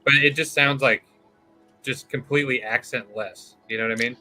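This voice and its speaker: A man from California, chatting curiously and relaxed on a livestream. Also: medium pitch, normal speed, faint music behind. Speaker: artist guest. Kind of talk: casual chat on a livestream.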